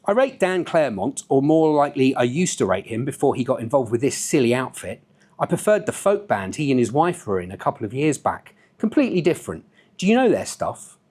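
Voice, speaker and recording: A man's voice: mid-range voice, sing-song, a little fast, darkish tone. A man voicing a wry, scornful young male music critic.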